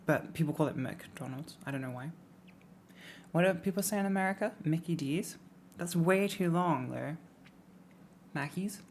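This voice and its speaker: A young woman with a British accent chats loosely to her viewers in a low-pitched voice. Her sentences wander and often drop away softly at the end. A faint background ambience sits under the talk. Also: vocal fry, slight background noise. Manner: rambling, trails off quietly at ends of phrases. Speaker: streamer. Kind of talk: casual live-stream chat.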